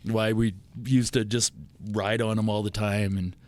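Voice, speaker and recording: A man, a podcast guest telling profane, animated stories in casual chat. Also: fairly low pitch, a little slow. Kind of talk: casual storytelling.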